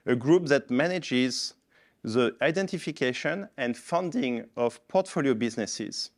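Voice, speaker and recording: A man with a French accent introduces the next speaker on a conference stage. He reads the bio aloud at a mid pitch, catching on words here and there.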